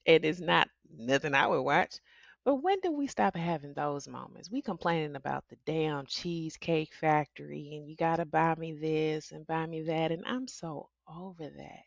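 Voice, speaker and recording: A woman's voice: low-pitched, moderate pace, gravelly, no room sound, highs cut off. A middle-aged woman hosting a solo podcast, talking candidly and chatting with frequent laughs. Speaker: podcast host. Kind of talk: casual solo podcast talk.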